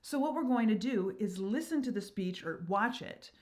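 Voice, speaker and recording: A woman's voice: mid-range voice, animated, moderate pace, a little mellow. A woman hosting her own channel, explaining verse and meter in an upbeat, enthusiastic, teacherly way. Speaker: channel host.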